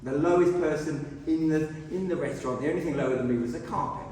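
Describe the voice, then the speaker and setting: A man's voice: on the high side, fast. A middle-aged man giving a humorous, self-deprecating speech at a speaking club. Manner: animated self-deprecating storytelling. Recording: echoey hall from far off.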